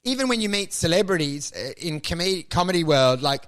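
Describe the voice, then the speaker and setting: A man's voice: fairly high pitch, expressive, a little fast, a bit bright. A young adult man, co-hosting a casual comedy podcast, riffing crudely and slipping into mocking voices. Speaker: podcast co-host.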